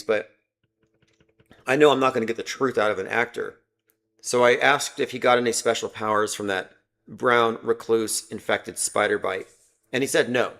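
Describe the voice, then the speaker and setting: A man in a mid-pitched voice hosts a casual livestream, talking in a loose, rambling way with a sarcastic edge. He breaks off from his points to greet viewers and read their comments aloud. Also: fairly bright tone. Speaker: livestream host.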